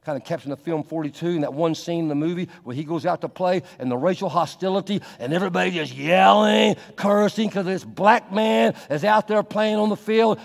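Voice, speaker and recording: A man's voice: sits high, brisk, vocal fry, hardly any pauses. Man preaching in a long reverberant hall. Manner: dynamic preaching, swinging from soft to loud and emphatic. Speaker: pastor. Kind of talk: sermon.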